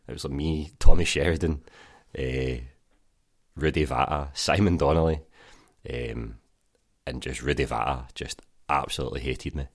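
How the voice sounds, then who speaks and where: A man's voice: a bass voice, fairly even intonation, normal speed. A Scottish man in his thirties, a podcast guest telling rambling anecdotes full of fillers and "mate". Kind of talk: casual chat.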